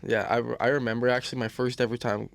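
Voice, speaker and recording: A man's voice: medium pitch, level tone, fast talker. A man, a podcast guest telling stories in crude, slangy casual chat, tossing in "bro" constantly.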